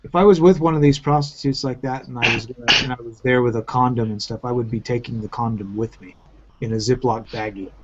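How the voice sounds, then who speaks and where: A man's voice: mid-range voice, quick pace, slight background noise. A man hosting a loose group chat over an online call talks bluntly and profanely, circling back on his own sentences. His voice sits mid-range. The call audio is muffled and lo-fi. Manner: blunt, profane, rambling with restarts. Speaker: round-table host. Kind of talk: crude casual group chat. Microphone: video call.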